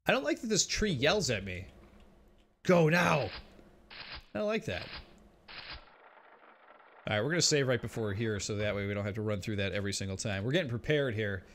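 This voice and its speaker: A man's voice: fairly low pitch, sing-song, fast, a bit bright, slight background noise. A man streaming a game and chatting with viewers, often exclaiming and laughing as he plays. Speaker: gaming streamer. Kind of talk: let's play commentary.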